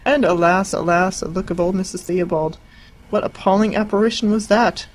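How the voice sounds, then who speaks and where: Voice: mid-range voice, moderate pace, lightly acted, low-quality recording. A narrator voicing a wry, snobbish young man with a dry, sardonic manner.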